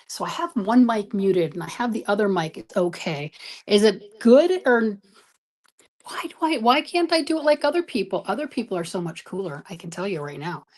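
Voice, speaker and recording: A woman's voice: medium pitch, a little mellow. Woman, knitting livestream host, casual chatter, self-deprecating. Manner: chatty, self-deprecating, fiddling with stream settings. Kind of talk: casual live-stream chat.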